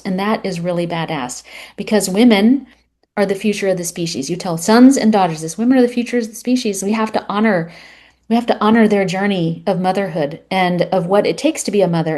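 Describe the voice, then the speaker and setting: A woman's voice: medium pitch, fairly quick. A woman being interviewed as a health author, talking casually and acting out little scenes as she tells stories. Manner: animated storyteller, acts out little scenes. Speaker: guest, women's health author.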